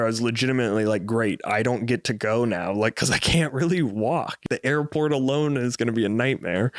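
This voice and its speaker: A man's voice: mid-range voice, smooth, no echo. A man in his twenties telling a travel story as a podcast host, rambling and profane. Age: 20s. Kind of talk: casual storytelling.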